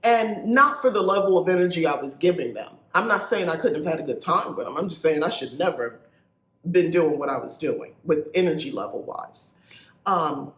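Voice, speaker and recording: A woman in her forties with a nasal South Jersey accent, telling a story to her podcast listeners in a chatty, animated way. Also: sits low, normal speed. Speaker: podcast host. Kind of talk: casual storytelling monologue. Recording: echoey room.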